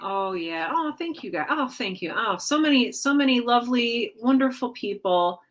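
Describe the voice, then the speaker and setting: A woman's voice: fairly high pitch, lively intonation, moderate pace, a bit bright, a little hiss or hum. A woman hosting a casual weekly livestream from home, chatting with her viewers in a rambling way, full of fillers and self-corrections. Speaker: livestream host. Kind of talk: casual chat with a live audience.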